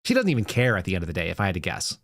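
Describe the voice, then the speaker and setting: A man's voice: low-pitched, huge pitch swings, racing, a bit bright, no echo. A man in his forties hosting a political commentary show, sarcastic and rambling, talking casually from a studio. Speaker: show host.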